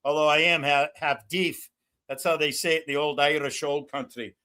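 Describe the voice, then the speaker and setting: A loud, excitable middle-aged man rambling through profane casual chat as a livestream host. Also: a little high, brisk, clean tone. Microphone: no headphones.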